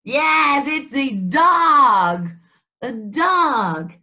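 A woman's voice: sits high, sing-song, pushed and bright. A woman English teacher with a Brazilian Portuguese accent, leading a children's story time and asking simple questions about animals and colors. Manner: slow, exaggerated sing-song questioning for kids.

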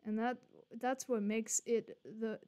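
A woman's voice: on the high side, steady tone, slow pace, dark tone, smooth. A young woman streaming a game live, chatting and swearing casually to her viewers as she plays. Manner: swearing, chatty, joking to chat.

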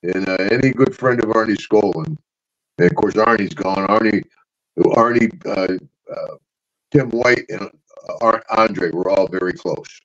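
Lo-fi animated older storyteller man. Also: on the low side, a little slow. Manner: animated yarn-spinner, laughs through stories, acts out voices. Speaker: podcast host, former pro wrestler. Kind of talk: casual storytelling chat. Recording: dull lo-fi audio.

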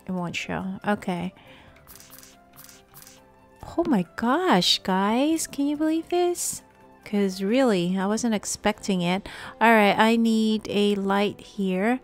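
A woman hosting a life-simulation gameplay video, chatting casually to viewers with lots of fillers and excited exclamations. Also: medium pitch. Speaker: gaming video host.

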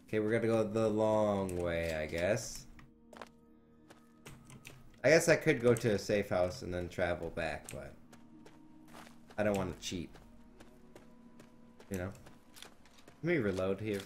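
A young man streaming a video game live, talking to viewers and cursing loudly at enemies as he plays. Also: on the low side, a little slow, pauses often, soft background music. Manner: frustrated, swearing, yelling in bursts at the game. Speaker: let's play streamer. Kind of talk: live gameplay commentary.

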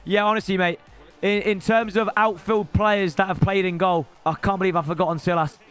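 A young man with a British accent giving excitable, shouty live commentary on his football game as a streamer, bantering with chat. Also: high voice, a little fast, clean tone, faint music behind. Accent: British English. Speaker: gaming streamer.

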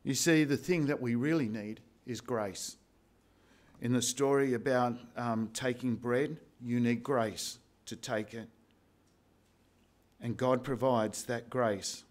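Male pastor, mid-pitched, unhurried emphatic sermon delivery. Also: fairly even intonation. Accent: Australian. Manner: slow, emphatic preaching with repeated phrases.

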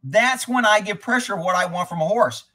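Blunt, husky horse trainer man. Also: high-pitched, moderate pace, sharp tone. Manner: blunt and rambling, swears freely. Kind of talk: live commentary on riding footage.

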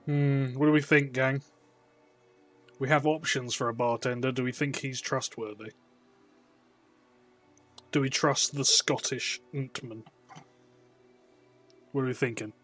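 A man's voice: medium pitch, steady tone, a little slow, pauses often, a bit bright, faint music behind. A man streaming a video game live, making sarcastic, joking remarks over the game's dialogue. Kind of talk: live gameplay commentary.

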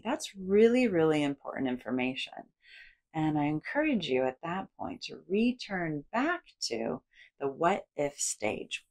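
A woman with a low-pitched voice teaches a guided psychoeducation lesson. Her intonation swoops widely as she acts out the voice of the brain in big, almost cartoonish tones. She speaks as a psychologist guiding the listener through exercises. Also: unhurried. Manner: animated, acts out inner voices with big playful inflections. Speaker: psychologist and educator.

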